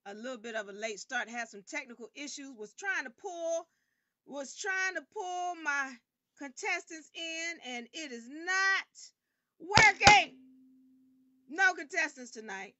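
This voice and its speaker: A woman hosting an online game show livestream. She talks emphatically and sometimes bursts out loudly. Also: high-pitched, measured pace, no room sound, muffled recording. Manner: animated and emphatic, bursts into loud outbursts. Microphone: camera rig.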